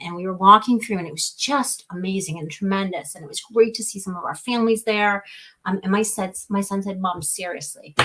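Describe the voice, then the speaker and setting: A woman with a bright, forward voice talks in a casual interview. She tells animated stories and slips into the voices of the people she quotes. She is speaking over a video call. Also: mid-range voice. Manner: animated storytelling, acts out quoted dialogue. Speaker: guest, nonprofit founder.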